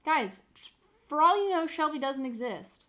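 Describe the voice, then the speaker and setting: A woman's voice: sits high, animated, normal speed, a bit bright. A young woman streamer chatting casually, rambling, sarcastic and swearing freely. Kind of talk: casual live-stream chat.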